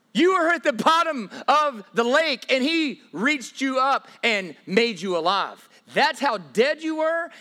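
A pastor with a high, bright voice preaches a sermon, his pitch leaping up and down. He hammers his points emphatically, dropping to a hush before rising loud again, and often stammers into repeated words as he restarts sentences.

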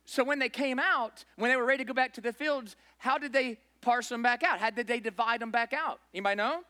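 A man's voice: very high-pitched, brisk, pushed and bright. A man preaching a sermon to his congregation in a conversational, informal way. He often asks the listeners questions and checks in with "right?". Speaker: pastor.

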